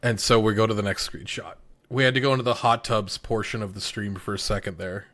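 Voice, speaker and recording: Excitable man with a bright voice. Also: a little fast. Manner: excitable, swearing, big jumps in pitch when quoting scenes. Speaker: podcast co-host. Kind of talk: casual chat.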